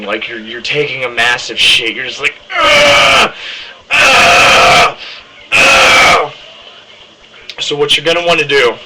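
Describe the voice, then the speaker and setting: Teaching his screaming technique, a young vocalist rambles through an explanation of how he does metal screams, saying "um" constantly. His mid-range voice has a sharp tone, and the low-quality recording carries slight background noise, as he demonstrates harsh screams along the way.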